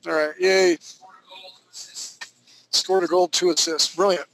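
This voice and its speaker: Male drawing instructor, gravelly, slightly high, casual running commentary. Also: flat delivery, takes it slowly, fairly bright tone, a little hiss or hum, low-quality recording. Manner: loose, joking, thinking aloud while drawing. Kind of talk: live online drawing class. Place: home studio.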